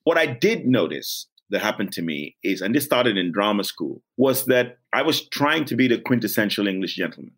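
Low-voiced man from Gambia, blunt and earnest. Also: very animated, normal speed, hardly any pauses, fairly bright tone. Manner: blunt, earnest, self-reflective. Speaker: actor, interview guest. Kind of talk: candid reflective interview talk.

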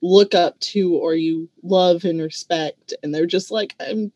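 A woman co-hosting a casual book discussion, reflective and given to long, drawn-out explanations. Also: on the low side, steady tone, darkish tone, no room sound. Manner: reflective, talks at length, drawn-out phrasing. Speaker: book club co-host.

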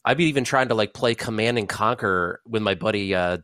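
A low-voiced man sits in as a podcast guest. He talks in a laid-back way with casual swearing, and the sound is dry and close. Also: fairly quick, a bit bright, clear, resonant tone, no room sound.

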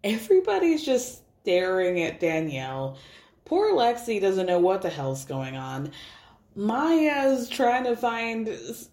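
A woman's voice: medium pitch, sing-song, takes it slowly, darkish tone. A woman hosting a podcast, recapping a reality show in a chatty, sarcastic way and swearing freely. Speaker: podcast host. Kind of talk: casual recap commentary. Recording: roomy echo.

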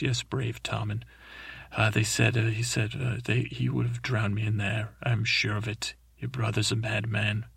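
A man hosting a sleep podcast, telling a meandering, halting story full of restarts and fillers. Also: lowish voice, a bit bright, no echo. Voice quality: gravelly, husky. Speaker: podcast host. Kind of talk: rambling sleep story narration.

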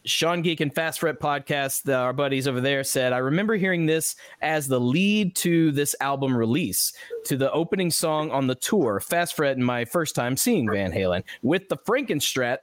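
A man's voice: medium pitch, animated, normal speed, dry recording. A man hosting a podcast, chatting casually and reading out listener comments with frequent laughs and fillers. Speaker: podcast host.

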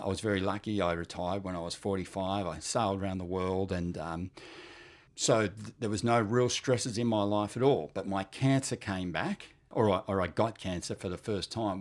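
An earnest Australian man in his fifties telling his own story as a cancer patient. He speaks candidly in a halting way, with many restarts. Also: deep voice. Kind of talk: personal testimony talk.

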